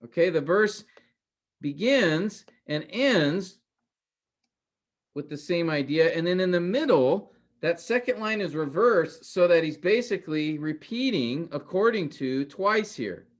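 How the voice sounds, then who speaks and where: A man's voice: fairly high pitch, animated, unhurried. Man lecturing a Bible class. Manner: explanatory, addresses class as guys and men; repeats points with rhetorical questions. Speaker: Bible teacher.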